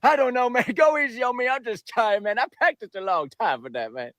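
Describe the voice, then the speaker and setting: A man puts on a manic, rambling comedian voice that leaps high and swoops wildly from one phrase to the next. The voice sits close and dry, and it sounds jumpy and wheedling throughout. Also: expressive, brisk, a bit bright, no room sound. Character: manic rambling male celebrity-comedian impression.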